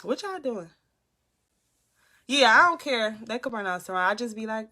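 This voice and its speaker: A bright-voiced young woman talks casually to her viewers in a live stream from her room at home. She chats easily and answers their comments as she goes, into a phone or webcam. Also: fairly high pitch, normal speed, pauses often. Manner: chatty, reads and answers comments aloud. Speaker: motivational livestream host.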